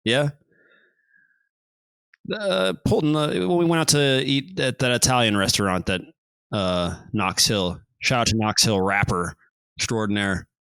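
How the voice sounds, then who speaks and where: A man's voice: fairly low pitch, a little slow, vocal fry, a bit bright, clean tone, no room sound. A man hosting a podcast, telling a rambling story in casual chat and laughing often. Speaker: podcast host.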